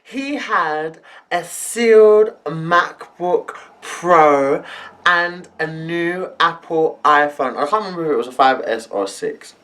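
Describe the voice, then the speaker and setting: A young man telling a story in an animated, laughing way, full of slang. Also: fairly high pitch, takes it slowly. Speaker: vlogger. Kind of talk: storytime vlog.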